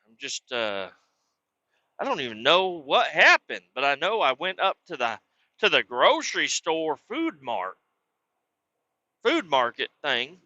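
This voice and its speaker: A man's voice: a little high, dry recording. A man hosting a podcast, telling a rambling personal story in a casual, profane way. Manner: profane, rambling, animated when quoting. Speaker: podcast host. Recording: dull lo-fi recording.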